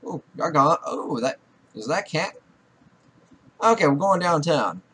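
Bright, animated young man swearing at a game. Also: fairly high pitch, measured pace, a little hiss or hum. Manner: exasperated, scolds the game characters, swears a lot. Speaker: gaming YouTuber. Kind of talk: profane Let's Play commentary.

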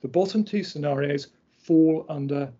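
A middle-aged man lectures in a husky, mellow voice that sits a little high. He explains each slide point by point, measured and precise. The recording is dull and lo-fi. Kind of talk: academic lecture.

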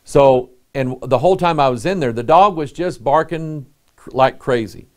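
A man's voice: medium pitch, moderate pace. A man, a pastor preaching a sermon in a folksy, conversational way, reading King James scripture aloud and asking his listeners rhetorical questions.

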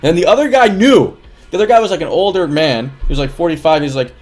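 A man's voice: on the high side, very animated, quick pace. A man livestreaming, telling a long story to his chat in a rambling, casual way with lots of fillers and laughs.

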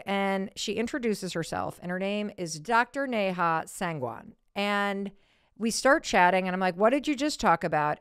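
A middle-aged woman hosting a podcast, telling a story in a casual, animated way and acting out quotes in a high voice. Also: clean tone, dry recording, studio quality. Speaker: podcast host.

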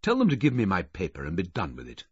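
A belligerent, blustering male schemer from an audiobook, as a male reader puts him on. The voice is low and husky, and it jumps up in sudden protests. The recording is dull and dry. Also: wildly swooping pitch, fast talker, no echo, exaggerated voice. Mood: truculent. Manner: belligerent, indignant. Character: truculent, blustering middle-aged male schemer.

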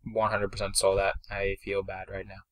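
A man's voice: deep voice, moderate pace. Chatty young man commentating a game. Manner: chatty, self-deprecating, excitable bursts. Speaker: gameplay commentator.

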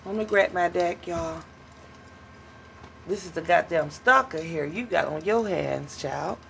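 A woman's voice: on the low side, a little slow, creaky, a bit bright, a little hiss or hum. Blunt, profane woman reading tarot. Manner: chatty, calls viewers honey and child. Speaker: tarot reader. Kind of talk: casual tarot reading to viewers.

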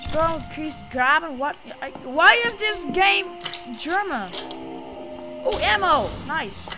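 Jumpy high-voiced woman playing a horror game. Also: big pitch swings, slow. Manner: jumpy, swears a lot, yells at enemies. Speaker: gameplay streamer. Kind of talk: horror game let's play commentary. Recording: loud game music behind the voice.

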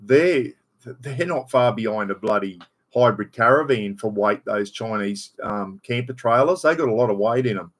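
Rambling and matey, this Australian livestream host calls out viewers by name and doesn't hold back on blunt swearing. His voice is fairly low and moves at a moderate pace.

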